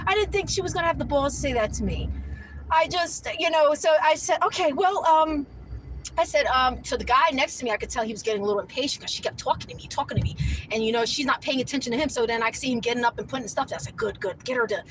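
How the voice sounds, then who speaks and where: A middle-aged woman telling a story in a casual, animated way, laughing often, her voice shooting up high when she is outraged. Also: a little fast, a little hiss or hum, low-quality recording.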